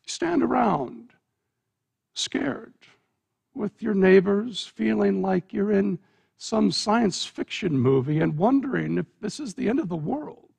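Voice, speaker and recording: A man's voice: high voice, expressive, slow pace, creaky, darkish tone, husky. A man preaching, telling a dramatic story in the second person and building suspense.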